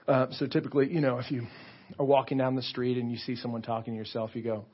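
Husky-voiced pastor preaching. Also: male voice, mid-range voice, level tone, fast, lo-fi sound. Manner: conversational, earnest preaching with frequent repeats. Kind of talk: sermon. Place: church sanctuary.

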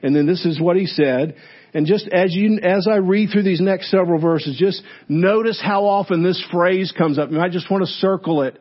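A man's voice: high voice, moderate pace, dull audio. A male pastor preaching a sermon in a church, reading scripture aloud with emphatic, repeated phrases. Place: church sanctuary.

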